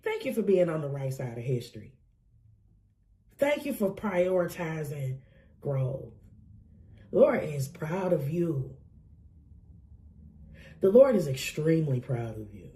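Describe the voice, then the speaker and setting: A woman's voice: low voice, very animated, takes it slowly, pauses often, warm tone. A woman getting over a cold, giving an emotional, effusive tarot reading to camera and laughing often. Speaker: tarot reader.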